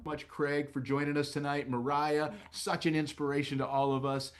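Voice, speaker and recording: A man's voice: a little high, little pitch movement, moderate pace. A man presenting at a company event, earnest and upbeat, polished, reading from a script.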